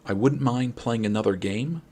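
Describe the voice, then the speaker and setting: A man's voice: mid-range voice, moderate pace, a little mellow, breathy edge. A man from New York with a New York accent, chatting casually and rambling with his stream viewers late at night. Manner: rambling, friendly, many restarts. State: late-night, a little wired. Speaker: game streamer.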